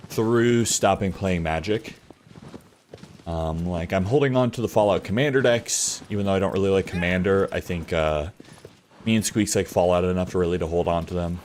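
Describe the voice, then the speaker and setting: A man with a low voice streams a video game from his home office, chatting casually with lots of fillers and the occasional swear. A little hiss or hum is audible.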